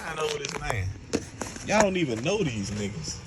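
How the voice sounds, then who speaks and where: A man's voice: a little high, sing-song, normal speed, reverberant, very noisy. A man ranting casually to his viewers in a blunt, profane, exasperated way. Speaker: vlogger. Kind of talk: casual rant to camera.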